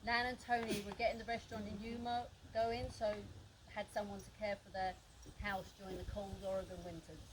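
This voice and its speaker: A woman's voice: mid-range voice, steady tone, a little fast. A woman reading a eulogy for a friend, telling fond stories and often breaking into laughter. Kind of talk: reading a memorial speech. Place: memorial gathering. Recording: noisy background.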